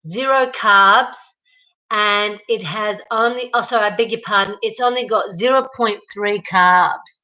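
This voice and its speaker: Here a woman with an Australian accent chats casually with her livestream viewers from her kitchen, reading their comments and naming them as she says hi. Her fairly high voice is bright and forceful, but the audio sounds dull.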